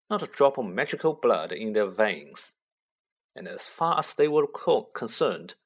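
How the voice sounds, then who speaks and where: Expressive male audiobook narrator. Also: medium pitch. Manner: expressive, varied intonation. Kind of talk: scripted storybook narration.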